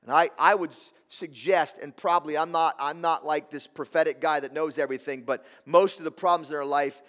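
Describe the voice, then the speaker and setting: A man with a somewhat high, slightly bright voice preaches a sermon as a pastor. He speaks with passion, repeating words and putting questions to the congregation, while long hall reverb trails his voice.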